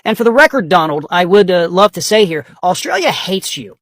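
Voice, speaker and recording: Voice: mid-range voice, big pitch swings, fairly quick, fairly bright tone, no echo. Commentator, scornful and mocking, swears freely; dry, close recording. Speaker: political commentator. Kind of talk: political commentary monologue.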